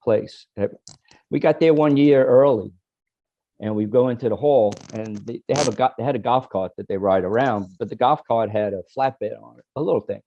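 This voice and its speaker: A man on a video call panel, haltingly recalling a late friend with many restarts. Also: mid-range voice, dry recording, lo-fi sound.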